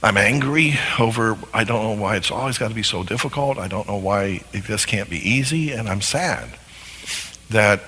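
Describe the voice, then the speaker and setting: A man voicing a torn, halting husband. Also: fairly low pitch, pushed and bright, a little hiss or hum. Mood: conflicted. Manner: halting, with restarts. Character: worried husband venting his mixed feelings. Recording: long hall reverb.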